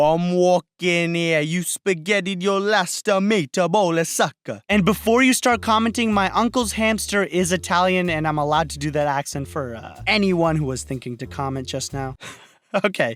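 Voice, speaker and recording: A man narrating history with a comic edge, tossing in playful asides. His voice is high and swings lively across its range. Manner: jokey asides, playful and theatrical. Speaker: YouTube host.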